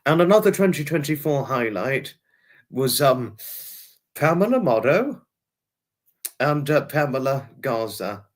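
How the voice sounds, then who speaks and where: A man's voice: medium pitch, sing-song, a little slow, long pauses. A man hosting a casual livestream, rambling chattily and greeting viewers by name. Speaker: livestream host.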